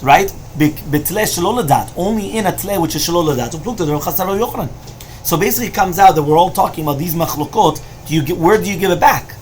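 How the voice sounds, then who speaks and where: A man's voice: high-pitched, lively intonation, fast, slight background noise. A man teaching a Talmud lesson who explains each line and keeps checking with "right?" and "you understand?". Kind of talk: Talmud study lecture.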